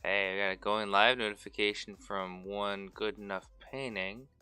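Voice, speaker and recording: A man chatting casually with viewers on a live stream while he paints miniatures. He is sleepy and slurs his words, talking in a relaxed, rambling way. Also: lowish voice, normal speed, clear, resonant tone, no room sound, soft background music.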